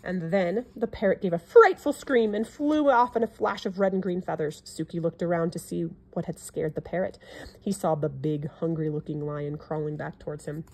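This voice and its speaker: A woman reading a classic children's picture book aloud in an expressive storytelling manner. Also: lowish voice, normal speed.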